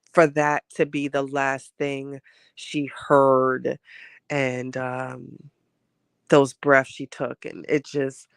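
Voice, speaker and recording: This man, hosting a casual chat show, rambles through candid, heartfelt remarks while getting over a cold. His mid-range voice has vocal fry and a clean tone, recorded at studio quality with no room sound.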